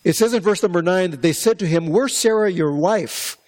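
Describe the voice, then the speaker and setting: Man preaching, fairly high voice, conversational Bible teaching, rhetorical questions. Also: brisk, darkish tone. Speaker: pastor. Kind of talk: sermon.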